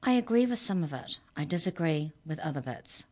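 A woman's voice: deep voice, very animated, brisk, a little mellow. A woman doing a stubborn feisty girl. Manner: defiant, stubborn.

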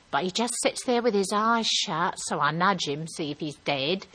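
A woman's voice: medium pitch, moderate pace, few pauses, pushed and bright, poor audio. A woman performing a comic character monologue in a chatty, gossipy storytelling manner. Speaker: comedian.

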